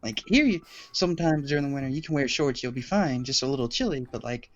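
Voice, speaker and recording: A woman's voice: very deep voice, lively intonation, quick pace, muffled recording. A woman, a podcast guest, telling stories about her boyfriend in a chatty, giggly way. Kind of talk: casual podcast chat.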